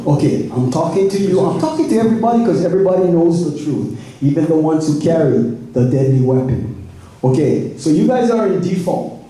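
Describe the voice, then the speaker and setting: Man, exasperated testimony, deep dark timbre, heavy room echo. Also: expressive, fairly quick, a little hiss or hum. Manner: exasperated, argumentative. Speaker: public commenter at a planning meeting. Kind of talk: public testimony. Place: public meeting hall. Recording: echoey meeting room from far off.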